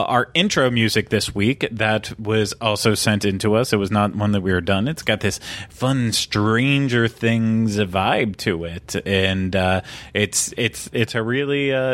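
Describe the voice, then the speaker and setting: A man's voice: lowish voice, fairly bright tone, no room sound. A man hosting a podcast, chatting casually and poking fun at himself, with lots of restarts. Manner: self-deprecating, rambling with restarts. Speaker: podcast host. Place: studio.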